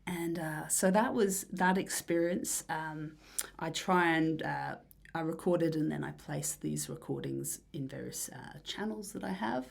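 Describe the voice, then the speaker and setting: A low-pitched woman with a husky, gravelly voice speaks in a relaxed interview. She rambles dreamily, trailing off into soft, breathy asides and filling pauses. Her tone is casual and unhurried. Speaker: musician guest.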